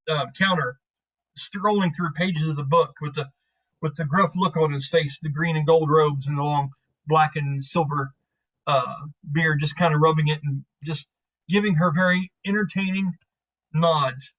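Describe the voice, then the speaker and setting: A man's voice: fairly high pitch, normal speed, fairly bright tone, rough recording. A man narrating as game master of a tabletop game, casual and profane, rambling through scenes.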